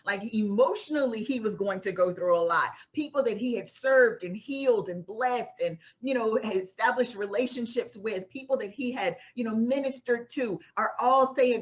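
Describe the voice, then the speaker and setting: A woman's voice: on the high side, moderate pace, hardly any pauses. Woman teaching scripture, dull lo-fi sound. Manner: conversational, keeps asking "right?". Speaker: faith-based success coach teaching a class. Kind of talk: casual Bible teaching.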